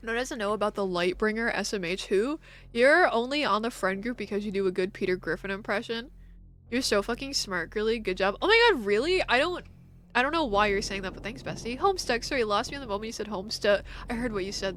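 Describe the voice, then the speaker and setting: A woman's voice: mid-range voice, animated, quick pace, fairly bright tone. A young woman streaming a game, chatting casually with her viewers, giggly, teasing and swearing freely. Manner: giggly, profane, teasing toward chat. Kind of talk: casual chat over gameplay.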